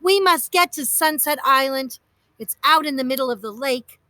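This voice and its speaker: A woman's voice: sits high, normal speed, pushed and bright, no echo. A woman voicing an earnest, eager young male hero in a storybook reading.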